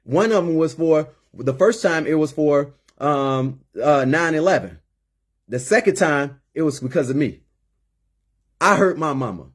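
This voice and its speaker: A man in his late thirties speaks with a husky, slightly raised voice. He talks in an emphatic, preachy way and stacks up repeated words as he builds each point, like a mentor pleading with his listeners. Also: on the high side, lively intonation, a little slow. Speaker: former inmate turned community mentor. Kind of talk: impassioned personal monologue.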